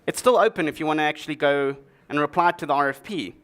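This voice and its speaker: A man giving a tech talk from a conference stage, his voice sitting a little higher than most men's. He jokes in a dry, sarcastic way between his explanations. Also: fast. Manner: dry, joking delivery with sarcastic asides. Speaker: conference speaker. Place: conference stage before an audience.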